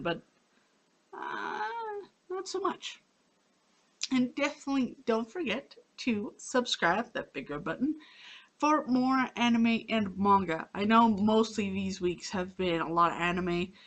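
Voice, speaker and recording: A woman's voice: mid-range voice, a bit bright. A woman giving a casual anime review on her own channel, rambling with many fillers and restarts, a little sleepy. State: sleepy, yawning.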